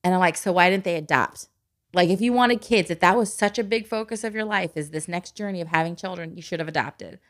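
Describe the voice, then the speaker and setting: A woman hosts a casual podcast chat as an adoptive mother, speaking fast in a lowish voice with few pauses. She tells stories animatedly, acting out quotes in exaggerated voices and laughing often.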